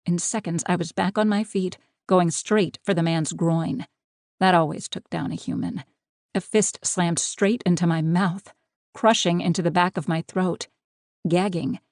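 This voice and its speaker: Low-voiced woman narrating an audiobook. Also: darkish tone, dry recording, studio quality. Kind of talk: first-person audiobook narration.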